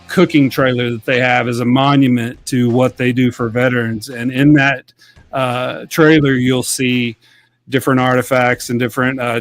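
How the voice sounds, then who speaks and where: A veteran man on a live show, talking in an earnest, heartfelt way while stretching to fill time. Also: mid-range voice. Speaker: veteran guest and regular of the show. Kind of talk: casual live-show chat.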